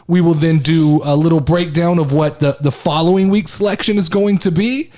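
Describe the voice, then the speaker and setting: A man co-hosting a casual sports podcast, telling stories in an excitable way and swearing now and then. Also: on the high side, moderate pace. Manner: excitable, animated storytelling with swearing. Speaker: podcast co-host.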